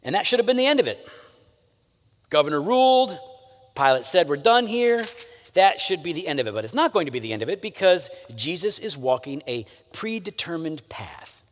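A man's voice: a little high, sing-song, a little fast. A man preaching a sermon as pastor, talking to the listeners in a conversational way and often checking in with "right?". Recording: long hall reverb.

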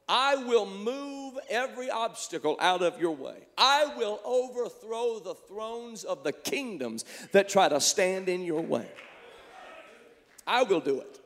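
Male pastor, high tenor, rhythmic fervent sermon delivery, reverberant church sanctuary. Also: fairly bright tone. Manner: fervent praying, preacher's cadence. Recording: echoey church hall.

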